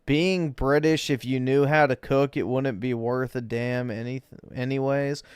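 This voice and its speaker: A man streams live and reacts to videos with blunt, sardonic remarks, speaking slowly and unhurriedly. His voice is smooth and clear. The close mic gives a dry sound with no room echo. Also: medium pitch, fairly even intonation. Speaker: livestreamer. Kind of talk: casual reaction commentary.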